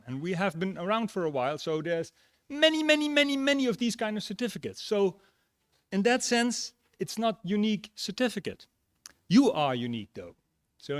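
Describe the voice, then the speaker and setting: A man giving a relaxed graduation speech and telling jokes and a story. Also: a little high, no echo, clean studio sound. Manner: relaxed, tells jokes and stories. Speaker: graduation speaker. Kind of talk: ceremonial speech.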